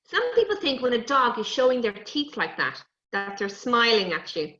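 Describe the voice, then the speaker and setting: A woman presenting a lively lesson on animal safety to young children, coaxing them and talking to toy animals. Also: on the high side, moderate pace. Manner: animated, coaxing, talks to puppets and kids. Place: indoors, recorded for an online event. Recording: dull, roomy live stream audio.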